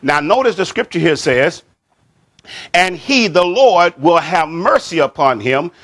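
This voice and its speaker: A man preaching a sermon as pastor, repeating and stressing key words, stretching scripture phrases slowly and sinking his voice at the end of each point, with frequent calls of amen. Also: very animated, a bit bright. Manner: drops pitch and volume at the end of a point; frequent amen and child of God to the congregation.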